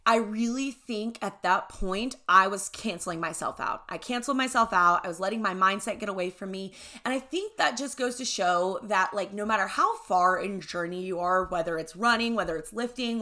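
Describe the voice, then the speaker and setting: Bright-voiced woman telling a candid story. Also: medium pitch. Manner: candid, swears freely, says "right?" and "y'all". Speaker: podcast host. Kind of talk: casual storytelling monologue.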